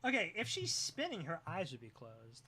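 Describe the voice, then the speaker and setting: Streamer joking around w chat, laughs a lot, bright voice, sometimes yells into the mic. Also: mid-range voice, huge pitch swings, normal speed, husky. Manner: joking and teasing, often laughing, sometimes yelling. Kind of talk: casual live-stream chat reacting to viewers.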